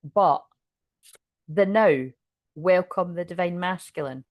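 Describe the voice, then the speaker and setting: A woman's voice: lowish voice, normal speed, darkish tone, dry recording, clean studio sound. A Scottish woman giving a casual, rambling tarot reading to camera. She often breaks into laughter. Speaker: tarot reader.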